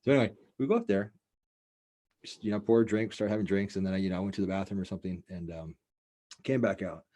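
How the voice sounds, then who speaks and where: A man's voice: deep voice, fairly even intonation, quick pace, warm tone. A man hosting a podcast, telling a rambling, profane story in a loose, casual way and filling it with "like" and "you know.". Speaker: podcast host.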